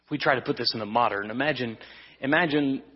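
Guy preaching a sunday night sermon, kinda husky, big echoey church, muffled recording. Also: medium pitch, quick pace. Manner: conversational preaching with restarts and humor. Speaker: pastor. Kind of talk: evening sermon.

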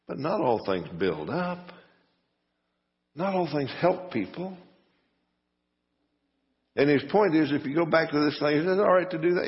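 A pastor giving a conversational sermon full of rhetorical questions and a folksy manner. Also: male voice, medium pitch, expressive, a little slow, long pauses. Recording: muffled sound with long reverb.

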